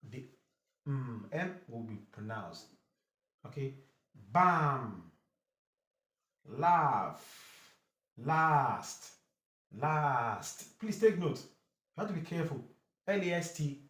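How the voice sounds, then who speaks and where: A man's voice: medium pitch, very animated, darkish tone. A man teaching English vowel sounds, saying each word over and over with short explanations in between. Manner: repeats words slowly, drilling pronunciation. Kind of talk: phonics lesson. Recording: echoey room.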